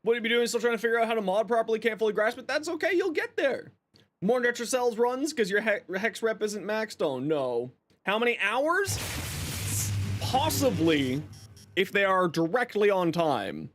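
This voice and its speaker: Male game streamer, high voice, very animated pitch, casual chat with viewers. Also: normal speed, a little hiss or hum. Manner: greets chat by name, lively and upbeat; eating while talking.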